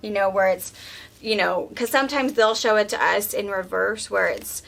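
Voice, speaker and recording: A woman's voice: medium pitch, normal speed, creaky, fairly bright tone. A woman running a quilt shop, chatting casually and explaining fabric prints during an unboxing. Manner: enthusiastic, explains fabric details. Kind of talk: casual chat while unboxing.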